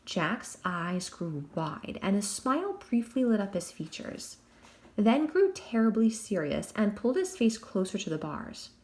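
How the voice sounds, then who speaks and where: A woman narrating an audiobook in an expressive storytelling voice. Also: medium pitch, a little slow. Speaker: audiobook reader.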